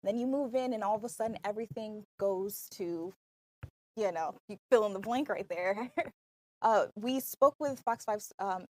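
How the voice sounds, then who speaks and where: A woman's voice: medium pitch, a little mellow. A woman anchoring live news, handing off and teasing stories in a friendly, chatty way.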